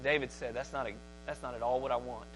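A man preaching a sermon as pastor, shifting from conversational talk to loud, emphatic scripture reading. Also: mid-range voice, fairly even intonation, fast, slight background noise, rough recording.

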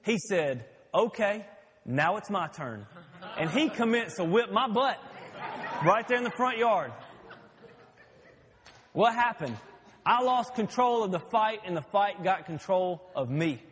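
High-voiced pastor in a reverberant hall. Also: male voice, expressive, unhurried, pauses often, a bit bright. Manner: folksy storytelling. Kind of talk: sermon.

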